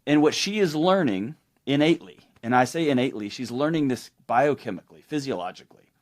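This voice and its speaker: A middle-aged man explaining ideas as a podcast guest, telling stories in a lively way and acting out the people he quotes. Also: mid-range voice, fast talker. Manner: animated storytelling, acts out quoted people. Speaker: guest expert. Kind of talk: conversational explanation.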